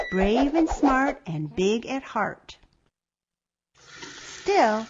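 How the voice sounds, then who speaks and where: A woman reading a children's picture book aloud with expressive, playful storytelling. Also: medium pitch, highs cut off, a little hiss or hum.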